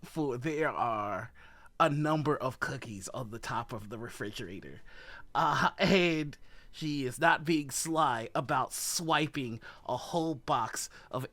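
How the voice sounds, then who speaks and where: A game master narrating a tabletop game in an animated way and laughing often. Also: medium pitch, no echo.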